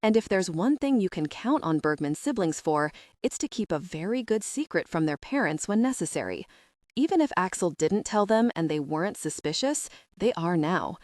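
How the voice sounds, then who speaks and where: Low-voiced woman narrating an audiobook. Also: lively intonation, normal speed, a little mellow, dry recording, clean studio sound. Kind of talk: scripted first-person narration.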